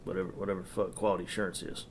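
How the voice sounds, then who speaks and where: A man's voice: low-pitched, flat delivery, rapid-fire, slight background noise. A man narrating a first-person crime story in a crude, profane way, with ranting asides.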